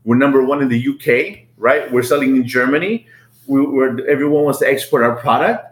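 Animated man telling a business story, roomy sound. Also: fairly quick. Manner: animated, repeats words, acts out quotes in a higher voice. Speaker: business owner telling his story as podcast guest. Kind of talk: casual storytelling. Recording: roomy echo.

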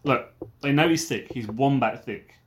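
A man's voice: medium pitch, moderate pace, a little hiss or hum. Wry man co-hosting a true-crime podcast. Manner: wry, jokey asides. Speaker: podcast co-host. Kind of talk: casual true-crime chat.

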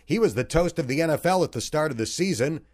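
A man reading a scripted football recap in a wry, expressive way. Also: on the high side, fast. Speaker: recap narrator. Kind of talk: scripted sports recap narration.

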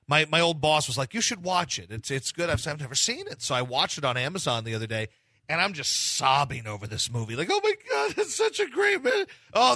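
A man co-hosting a sports talk radio show, chatting casually and rambling into excited outbursts. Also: no room sound. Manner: animated, rambling, jumps into high excited outbursts.

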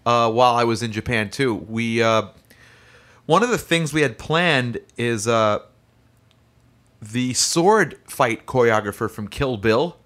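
Animated man telling a story. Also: medium pitch, measured pace. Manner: animated, acts out voices in stories. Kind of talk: casual chat.

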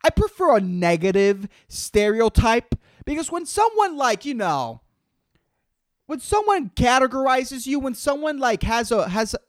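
A solo podcast host in full comedic rant mode, swearing freely and tripping over repeated words as the thoughts tumble out. The voice swings widely up and down in pitch. It sounds dry and close, with no room around it. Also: sing-song, a little slow, dry recording. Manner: profane, rambling, repeats words while searching for them; exasperated, calls out to an imagined listener.

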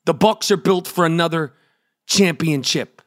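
A middle-aged man, hosting a podcast in a profane, comedic rant that bursts into yelling. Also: fairly high pitch, unhurried. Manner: profane, ranting, yells in bursts. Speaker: podcast host.

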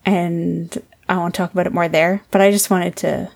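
Woman with a gravelly voice, relaxed, walking through a tv episode recap. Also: on the low side, moderate pace. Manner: relaxed, affectionate, leads the recap. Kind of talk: casual chat recapping a TV episode.

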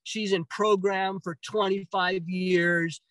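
A man telling a personal story in a casual, animated way, swearing often and acting out his own reactions. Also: sits high, slow, no room sound, rough recording.

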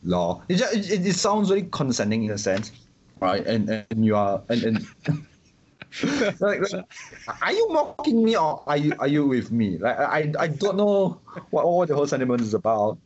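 Giving his opinions casually, a Singaporean interviewee stumbles, repeats words, and fills gaps with restarts and fillers. He speaks at a fairly high pitch with big pitch swings, normal speed, and a darkish tone. A bit of hiss or hum sits under the dull, lo-fi recording.

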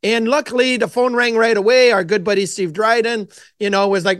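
A man in his forties with a noticeably high-pitched voice, recorded dry and close. He tells his stories in an animated, casual way, often restarting his sentences. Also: moderate pace, clean tone, dry recording. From Quebec, Canada. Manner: animated anecdotes with frequent restarts. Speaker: guest, former goaltender. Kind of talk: casual storytelling interview.

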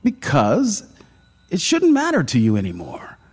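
A man voicing a blunt, forceful woman in a read-aloud story, speaking low and urgently. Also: huge pitch swings, measured pace, breathy edge, exaggerated voice. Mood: curt.

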